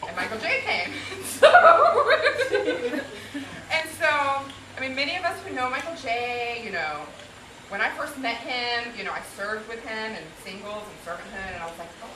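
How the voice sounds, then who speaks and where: Woman, 30s, roast speech at a home party, lively pitch, recorded from afar in a roomy, noisy space. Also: a little slow, recorded from a distance. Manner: laughing often, animated storytelling. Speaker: wife giving a birthday roast speech. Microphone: distant camera.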